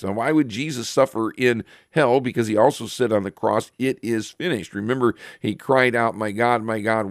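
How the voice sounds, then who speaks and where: Man, low voice, Bible teacher, unhurried explaining, lots of fillers, dry close sound. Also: no room sound. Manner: explanatory, reads scripture aloud, frequent filler pauses.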